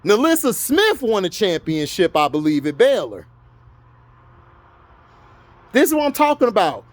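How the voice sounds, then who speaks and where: Unhurried but with huge swings in his high-set pitch, a Florida vlogger in the US scolds his viewers in a heated sports rant. He argues his case to camera, and there's no room sound.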